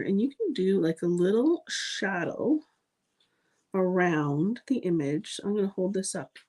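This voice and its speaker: A woman's voice: medium pitch, darkish tone. A woman hosting a live card-making demonstration, chatty and gushing, with frequent ums as she works. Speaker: card-making channel host.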